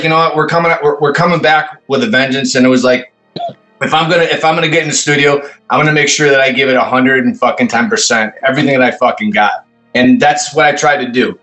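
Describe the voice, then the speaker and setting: A fast, bright-voiced man, swearing freely and stumbling over repeated words as he tells a studio story. Faint music sits under the talk. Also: medium pitch, low-quality recording. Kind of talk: casual podcast chat.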